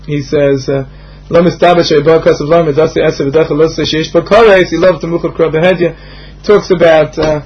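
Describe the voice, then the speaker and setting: A man's voice: a little high, lo-fi sound. Man giving a lecture. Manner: explanatory, rhythmic lecturing with frequent fillers. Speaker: Talmud teacher. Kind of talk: Talmud lecture.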